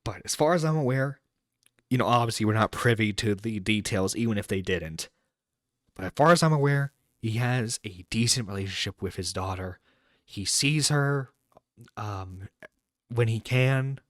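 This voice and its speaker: A man's voice: on the low side, lively intonation, normal speed, fairly bright tone, no room sound, clean studio sound. Exasperated man ranting on a live stream. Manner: exasperated, incredulous ranting with swearing. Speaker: internet radio host reacting to a clip.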